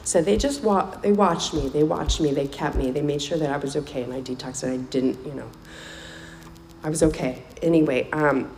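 Woman, low gravelly voice, candid personal testimony, echoey meeting room, faint hum behind. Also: moderate pace, darkish tone. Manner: candid and emotional, repeating phrases for weight. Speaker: speaker sharing a recovery story.

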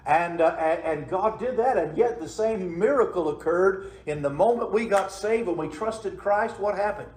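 A man preaching a Sunday evening sermon, with a fairly high voice. He talks in a folksy way and keeps asking the congregation to answer him. The sound rings in an echoey church sanctuary. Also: normal speed, a little mellow. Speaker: pastor.

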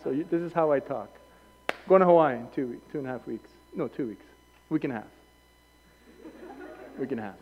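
A male pastor preaching a sermon in an animated way, acting out voices and wandering into anecdotes with self-corrections. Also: mid-range voice, fairly quick, pauses often, long reverb tail, dull audio, a little hiss or hum. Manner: animated, acts out quoted voices. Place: church hall.

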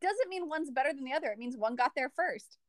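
Young female co-host, high voice, blunt and teasing, casual chat, dry recording. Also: animated, quick pace, no room sound. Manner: blunt, teasing, laughs often. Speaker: podcast co-host.

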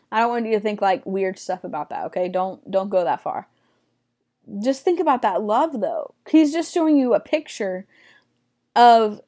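A young woman teaching a casual Bible study in a chatty way, acting out quotes with excited squeals. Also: fairly high pitch.

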